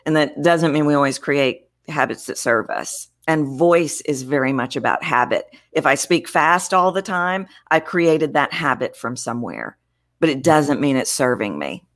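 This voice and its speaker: Woman voice coach, very low pitch, expressive interview answers. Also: normal speed. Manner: expressive, demonstrates vocal variety while explaining. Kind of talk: interview conversation.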